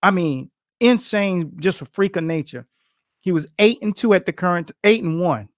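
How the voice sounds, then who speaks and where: A middle-aged man tells boxing stories with lots of energy, acting out what people said. His voice sits high for a man. The sound is dry and close, with no room around it. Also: normal speed, no echo. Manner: animated, acts out quotes, laughs often. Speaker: boxing coach, guest. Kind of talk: storytelling in casual interview.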